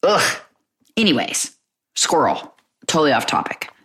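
A woman in her thirties talking casually to her viewers, with a somewhat low voice for a woman. She rambles from one thought to the next and leaps up in pitch whenever she acts out what someone said. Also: normal speed. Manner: animated storytelling with pitch jumps and quoted voices. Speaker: vlogger, stay-at-home mom. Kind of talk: casual chatty vlog.

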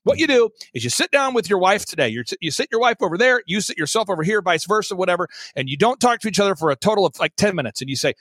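A man hosting a talk show, telling stories with lots of energy, emphatic and swinging between loud exclamations and low mocking impressions. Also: animated, fast, husky, no room sound. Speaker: podcast host. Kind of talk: animated storytelling chat.

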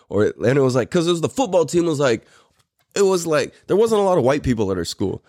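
A man's voice: a little high, very animated, brisk, darkish tone, no room sound, studio quality. A man in his thirties from California, a podcast host telling a story in a loose, profane, rambling way with frequent laughs. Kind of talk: casual storytelling.

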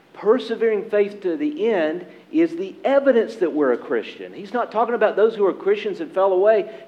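A man preaching a sermon as pastor, earnest and emphatic, with dramatic pauses. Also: high voice, darkish tone, muffled recording.

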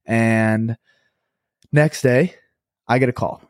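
A young adult man hosting a podcast, telling a story in a chatty, animated way with lots of fillers and self-corrections. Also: medium pitch, takes it slowly, dry recording, clean studio sound. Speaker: podcast host and company co-founder. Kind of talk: casual storytelling monologue.

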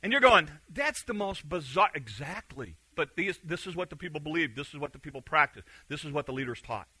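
A man preaching a sermon, animated and acting out the quotes he reads, swinging between loud and hushed. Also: a little high, brisk, husky, no echo, poor audio.

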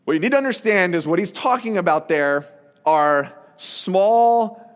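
Male pastor, high-pitched, lively sermon delivery, playful asides, long hall reverb. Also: a little slow. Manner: animated, conversational, acts out quoted voices.

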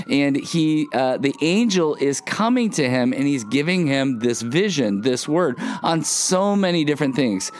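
A man preaching a casual sermon, rambling with many fillers and self-deprecating humor. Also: medium pitch. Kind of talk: casual sermon with personal story.

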